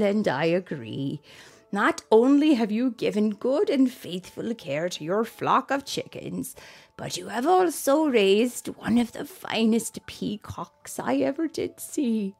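A woman playing a slow, wise old Amish elder. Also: mid-range voice, sing-song, vocal fry, heavily acted. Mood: kindly. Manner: slow, gentle, old-fashioned speech.

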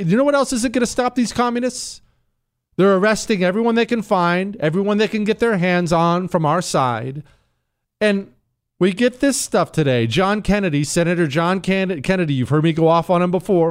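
A man's voice: high-pitched, clean tone. Heated, emphatic male talk-show host. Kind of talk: opinionated political talk.

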